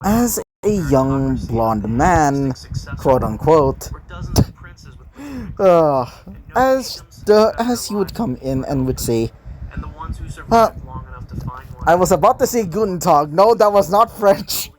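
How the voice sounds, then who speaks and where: A man's voice: fairly high pitch, expressive, slow pace, pauses often. A man casually narrating his own fan fiction, rambling and often correcting himself mid-sentence. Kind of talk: casual fan story reading.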